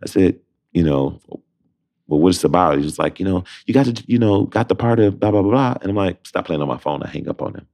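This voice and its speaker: A man in his thirties with a very deep voice, telling stories as an interview guest. He talks casually and acts out each person in his anecdotes. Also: lively intonation, fast, gravelly, mellow. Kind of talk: casual storytelling.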